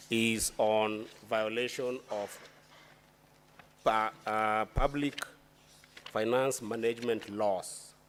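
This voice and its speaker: A man with a low-pitched voice puts formal questions at a committee hearing. He speaks deliberately and often restarts his phrases. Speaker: senator questioning a witness.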